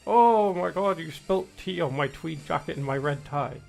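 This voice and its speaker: A man voicing a fussy elderly English gentleman in tweed, with a put-on posh English accent and a pompous manner. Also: fairly high pitch, normal speed, vocal fry, soft background music, pitched above the performer's own voice. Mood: huffy. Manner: pompous and squawking.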